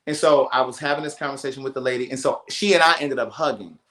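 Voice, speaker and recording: Hosting a casual livestream, a man relates a story with animated emphasis, looping back to repeat points along the way. He talks fast at an ordinary pitch, and a roomy echo colors the sound.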